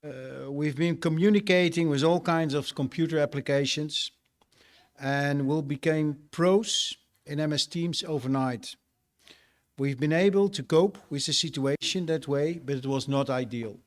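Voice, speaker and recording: A man's voice: fairly high pitch, measured pace. A male teacher addressing a ceremony, hesitant and searching for words.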